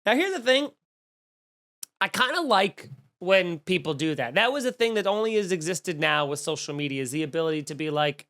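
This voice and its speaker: A man's voice: on the high side, fairly bright tone. Snarky man ranting on a podcast. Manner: snarky, profane, rapid riffing with mock outrage. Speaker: podcast host. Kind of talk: comedic ranting monologue.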